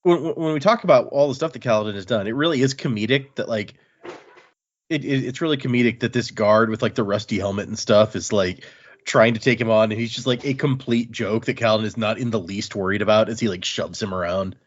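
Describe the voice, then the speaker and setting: A man's voice: fairly low pitch, fairly quick. A man hosting a casual book discussion podcast, recapping chapters chattily with fillers. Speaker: podcast host. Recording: slightly muffled podcast audio.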